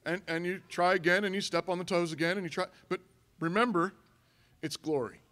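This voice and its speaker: A middle-aged male pastor preaching in a church, his voice sitting a little high for a man. He talks to the congregation in a loose, conversational way, circling back and repeating key words for emphasis. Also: fairly even intonation, a little fast, fairly bright tone. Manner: conversational preaching with frequent restarts and repetition. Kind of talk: sermon. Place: church sanctuary.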